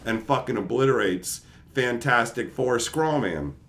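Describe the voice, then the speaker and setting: Profane animated guy retelling comics. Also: mid-range voice, measured pace. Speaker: channel host. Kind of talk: casual comic-book retelling.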